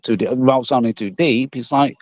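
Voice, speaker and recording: A man's voice: mid-range voice, steady tone, a little fast. A man in a casual live chat, telling little stories about himself in a chatty, self-deprecating way. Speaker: chat guest.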